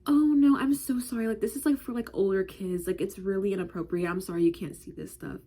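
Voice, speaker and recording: A woman's voice: medium pitch, fast, warm tone, natural voice. A woman voicing a sweet, apologetic teenage girl counselor. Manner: gushing, apologetic.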